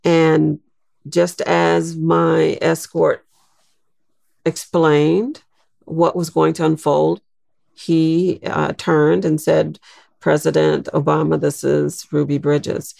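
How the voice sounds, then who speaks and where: An older woman, a guest in an interview, telling a personal story in a slow, reflective way. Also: deep voice, vocal fry, darkish tone, dry recording, clean studio sound.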